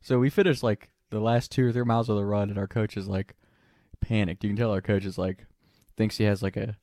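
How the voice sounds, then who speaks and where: A young man recounts a funny story in a relaxed, casual way, chuckling often and dropping the odd swear word. His voice sits on the low side. The recording is dry and close, with no room sound. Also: fairly quick, no room sound. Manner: laughs often while telling, swears casually. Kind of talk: casual anecdote telling.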